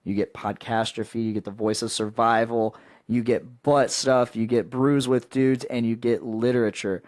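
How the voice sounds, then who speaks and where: A young man hosting a podcast in casual chat, pitching with excitable hype and laughing often. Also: moderate pace, no echo, studio quality. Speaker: podcast host.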